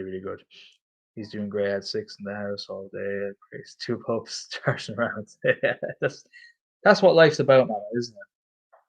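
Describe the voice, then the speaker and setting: A man's voice: medium pitch, poor audio. A man chatting casually on a livestream, reading out viewer comments, swearing freely and repeating himself. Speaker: stand-in livestream host.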